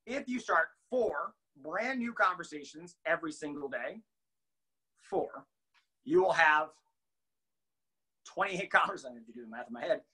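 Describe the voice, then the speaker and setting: A young adult man giving a casual motivational training talk, animated and laughing, acting out quotes. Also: fairly high pitch, moderate pace, long pauses, breathy edge, poor audio. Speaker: team trainer.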